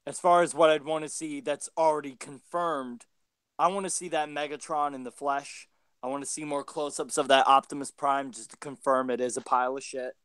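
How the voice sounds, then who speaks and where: A man's voice: on the high side, fairly even intonation, a little fast, a bit bright, clean tone, dry recording. A young man co-hosting a casual toy podcast, joking, swearing and acting out silly bits. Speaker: podcast co-host. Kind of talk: casual chat.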